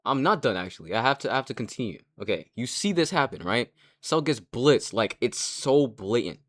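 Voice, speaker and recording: A young man giving casual commentary, rambling and excitable, with frequent restarts and casual swearing. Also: medium pitch, a little fast. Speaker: anime commentary creator.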